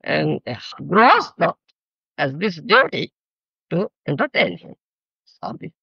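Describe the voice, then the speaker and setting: Slow, gravelly older man with Odia accent. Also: a little high, big pitch swings, no echo. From Odisha, India. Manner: keeps checking "you understand?"; explains terms. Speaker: spiritual teacher. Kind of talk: sermon. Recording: dull lo-fi archive recording.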